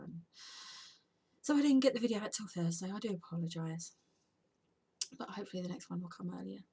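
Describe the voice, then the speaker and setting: Woman, 30s, tired, rambling casual vlog talk, soft husky voice, slips into whispers. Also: lowish voice. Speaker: vlogger and podcaster. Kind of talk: casual unscripted vlog chat.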